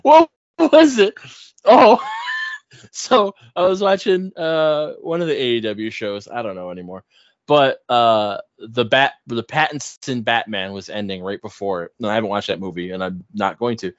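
A man co-hosting a podcast, chatting in an animated, joking and mocking way. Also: lowish voice, moderate pace, no room sound, dull audio. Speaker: podcast co-host. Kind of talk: casual chat.

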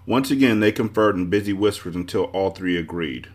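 A man hosting a book club podcast, reading a children's book aloud with expressive storytelling. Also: low-pitched, normal speed. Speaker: book club host and reader.

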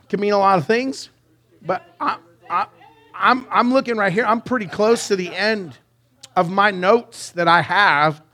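A pastor preaching a live sermon in church, lively and joking with his congregation. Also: high voice. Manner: lively, banters with the congregation and sings song snippets. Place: church sanctuary.

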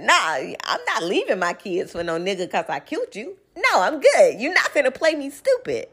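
Sitting in her living room, a young woman vlogger tells a personal story in a relaxed chat, quoting other people's lines. Her medium-pitched, husky voice is sing-song, at normal speed with hardly any pauses.

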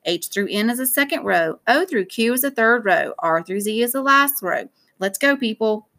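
Female reader as a loud, annoyed teacher, brisk and bossy. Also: a little high, animated. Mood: impatient.

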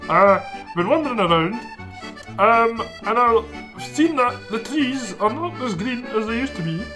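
A man's voice: extremely high pitch, expressive, a little slow, music in the background, pitched above the performer's own voice. A man putting on an old man voice, playing a rambling reporter wandering a wasteland. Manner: rambling, chuckling.

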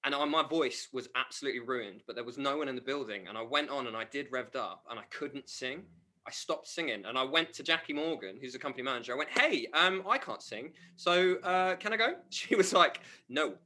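Bright-voiced laughing man. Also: mid-range voice, fairly quick. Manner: animated, laughing storyteller. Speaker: musical theatre cast member. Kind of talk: casual backstage chat.

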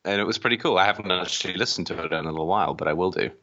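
An English man in his thirties with a low voice and a bright, forceful edge to it. He answers interview questions in a friendly, easygoing way and pauses briefly now and then. The sound is dull and lo-fi. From England. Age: 30s. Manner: friendly, easygoing, with small hesitations. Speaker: guest musician. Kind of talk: podcast interview.

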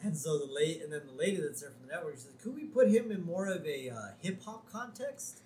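Brief: male podcast co-host, high voice, walks through scenes and keeps asking "right?". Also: expressive, a little fast, warm tone, roomy sound. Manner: narrates scenes with frequent "right?" check-ins. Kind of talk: casual chat recapping an episode.

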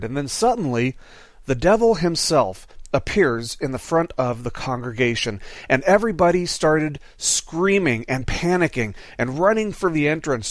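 Earnest male preacher, mid-pitched, repeats phrases for emphasis, dry close sound. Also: no echo. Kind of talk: sermon with prayer.

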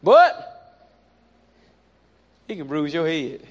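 A man preaching a sermon, animated and repetitive, with playful asides. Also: fairly high pitch, drawn-out words. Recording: dull lo-fi recording.

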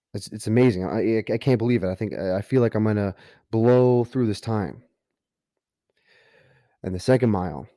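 A man's voice: lowish voice, dark tone, no echo, clean studio sound. A man hosting a podcast, telling a personal story in an earnest way that builds to emphatic motivational points. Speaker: podcast host.

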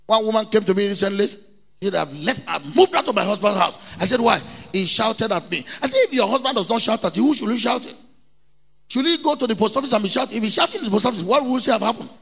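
A man's voice: high-pitched, animated, quick pace, creaky, a bit bright, breathy edge, in a large hall. A middle-aged Nigerian man with a Nigerian accent, preaching a sermon as pastor, emphatic and repetitive, acting out people from his stories. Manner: emphatic preaching, repeats key words, mimics people in anecdotes.

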